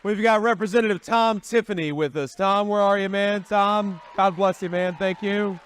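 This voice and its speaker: A man's voice: high voice, fairly even intonation, moderate pace, fairly bright tone, smooth, some chatter behind. A man giving a campaign rally speech, talking in a folksy, repetitive way with frequent restarts. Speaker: political candidate at a rally.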